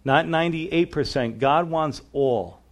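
A male pastor preaching a sermon, reading scripture aloud and swinging between fervent emphasis and quiet, low stress. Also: unhurried.

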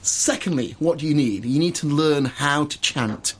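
A man who works as an auctioneer, chatting as a guest on a radio show and breaking into a fast rhythmic bid-calling chant. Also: on the high side, fairly bright tone, husky. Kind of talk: radio studio chat with live auction chant. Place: radio studio.

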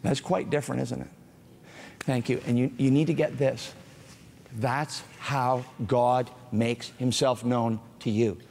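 A man's voice: mid-range voice, steady tone, a little slow, gravelly, a little mellow, a little hiss or hum. A man preaching a sermon, emphatic and direct with the congregation, building to fervent proclamation. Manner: playful asides to the congregation. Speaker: pastor. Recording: preaching in a large reverberant hall.

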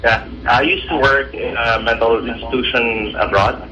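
A man's voice: mid-range voice, steady tone, moderate pace. A man calling in to a radio show, telling his story in a hesitant, apologetic way over a muffled line. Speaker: caller.

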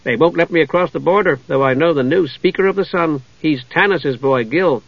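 A man voicing an excitable, chatty male kender who rambles eagerly, on a dull lo-fi recording. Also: on the high side, fairly quick, creaky, no room sound. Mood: thoughtful chatter.

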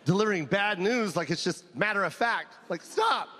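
A man doing a stand-up comedy set, loud and animated, laughing at his own jokes. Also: sits high, moderate pace, slight background noise. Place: live comedy venue with audience.

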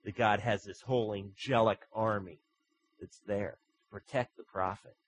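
A man preaching a sermon, telling stories that rise into loud bursts and drop to soft asides. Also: fairly low pitch, fairly even intonation, moderate pace, slightly rough, rough recording. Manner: storytelling with sudden loud swells and soft drops. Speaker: pastor.

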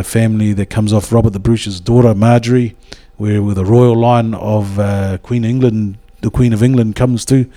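New man, low and warm, rambling devotional talk with lots of hesitations. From New Zealand. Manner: rambling, with many hesitations and restarts. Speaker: speaker at a church gathering.

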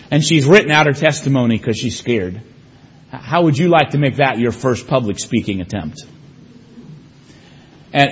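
A male preacher from the United States delivers a storytelling sermon, leaning hard on key phrases and shifting between brisk narration and slow, weighty lines. His voice has a husky edge, and the recording sounds a bit muffled. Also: fairly high pitch. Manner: storytelling preacher, emphatic, varied pace. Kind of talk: sermon with personal stories.

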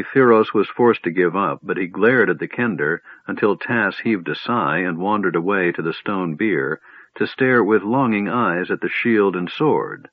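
Husky male fantasy narrator. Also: sits low, dry recording. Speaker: audiobook narrator. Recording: dry tinny phone-like audio.

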